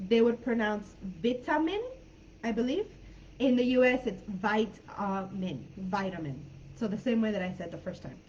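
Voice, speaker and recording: A woman's voice: on the high side, a little mellow, slight background noise. Woman teaching a live online class. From California. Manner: friendly, laughs often, thinks aloud with fillers. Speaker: English teacher. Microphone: video call. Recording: dull lo-fi video call audio.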